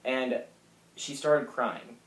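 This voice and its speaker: A young man in his late teens telling a personal story to camera, soft and halting with lots of fillers. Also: mid-range voice. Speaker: vlogger. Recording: echoey room.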